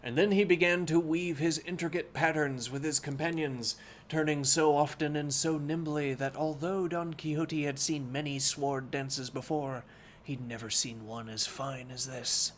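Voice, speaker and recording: Slow, deliberate male storyteller. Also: a little high, steady tone, slight background noise. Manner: unhurried, deliberate reading with wry asides. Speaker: streamer reading bedtime stories. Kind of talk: storybook read-aloud on a live stream.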